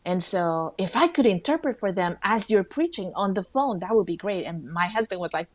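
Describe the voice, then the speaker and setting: Animated woman telling a faith story. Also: medium pitch, normal speed, no room sound. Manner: animated storyteller, acts out quoted voices. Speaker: co-host. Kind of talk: storytelling in a faith talk show.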